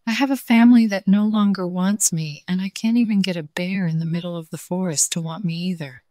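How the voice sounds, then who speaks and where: A woman's voice: fairly low pitch, brisk, no room sound, clean studio sound, lightly acted. A woman voicing a small old male dog who is sheepish, sad and wise, in a children's storybook reading. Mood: timid. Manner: soft, sheepish, wistful.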